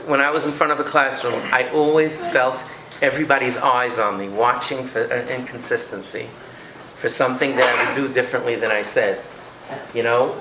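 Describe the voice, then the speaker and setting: A man's voice: medium pitch, reverberant, background noise. A man giving a lecture on parenting to an audience, acting out scenes with his children and taking questions. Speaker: educator giving a parenting talk.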